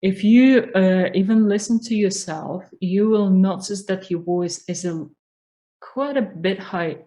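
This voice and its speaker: A woman giving a calm, explanatory talk as a spiritual growth coach, teaching listeners how to find their voice. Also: medium pitch, measured pace, low-quality recording. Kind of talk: instructional talk on voice.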